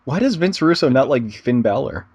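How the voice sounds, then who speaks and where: A man co-hosting a casual podcast, laid-back and joking, quick to laugh. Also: medium pitch, very animated, darkish tone, breathy edge, dry recording, highs cut off. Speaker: podcast co-host. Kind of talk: casual chat.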